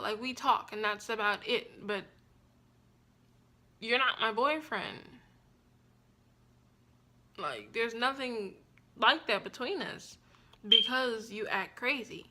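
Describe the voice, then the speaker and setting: A young woman telling a personal story on her vlog in a frank, blunt and profane way, with an animated and expressive delivery. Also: fairly high pitch, takes it slowly, pauses often. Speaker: vlogger.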